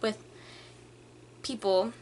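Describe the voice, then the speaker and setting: A young woman telling a casual storytime rant to her camera, animated and full of filler words. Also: medium pitch, very slow, slight background noise. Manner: animated, filler-heavy, many "like"s, acts out customers. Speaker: vlogger.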